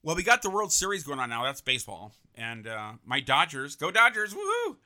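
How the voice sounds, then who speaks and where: A man with a very bright, lively voice hosts a casual quiz game, upbeat and encouraging. He reads out names one after another, his pitch bouncing around a lot. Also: fairly quick. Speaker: host.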